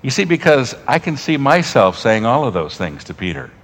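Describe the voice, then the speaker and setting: A pastor preaches to a congregation, very animated in a medium-pitched voice. He moves from strong, raised passages down to soft, almost whispered lines with long pauses.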